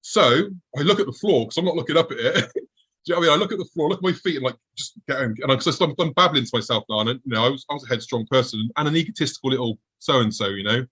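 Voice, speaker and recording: Husky man telling his story. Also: medium pitch, expressive, fast talker, sharp tone, low-quality recording. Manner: vivid storytelling, acting out his own past thoughts. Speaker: guest. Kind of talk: recounting a personal encounter.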